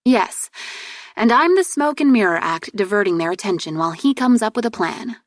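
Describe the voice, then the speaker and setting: A woman reader voicing a proud, exasperated young princess heir in an audiobook, with sharp, indignant retorts. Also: mid-range voice, expressive, moderate pace, no echo, studio quality, lightly acted. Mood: earnest.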